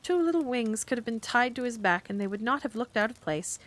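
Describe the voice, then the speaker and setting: A woman streamer reading a book aloud in a gentle, calm storytelling manner for a cozy bedtime stream. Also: fairly high pitch, a little fast.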